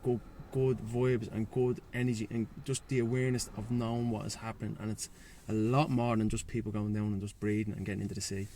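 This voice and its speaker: A man's voice: on the low side, little pitch movement, brisk, few pauses, warm tone, a little hiss or hum. A man with a Dublin Irish accent talks as a guest in a casual chat, frank, slangy and swearing freely, outdoors by the sea. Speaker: guest, breathwork and sea-swim facilitator.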